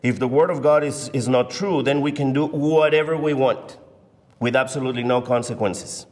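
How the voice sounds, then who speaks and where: A man's voice: medium pitch, darkish tone. Man teaching Bible class, reverberant hall. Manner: measured, deliberate, emphatic on key words. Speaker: Sunday school teacher. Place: church sanctuary. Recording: long reverb of a church hall.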